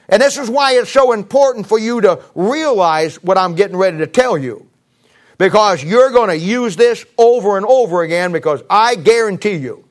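A middle-aged male pastor preaching a sermon in a folksy, emphatic, storytelling way. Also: high voice.

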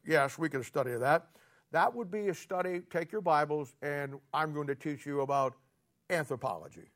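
A man's voice: on the high side, normal speed. A male pastor, preaching a folksy, sarcastic sermon full of rhetorical questions to his congregation.

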